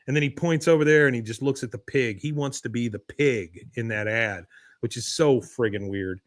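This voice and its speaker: A man's voice: mid-range voice, normal speed, no room sound, studio quality. A man hosting a podcast, recapping a cartoon episode in a wry, chatty way. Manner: wry, chatty storytelling with fillers. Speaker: podcast host.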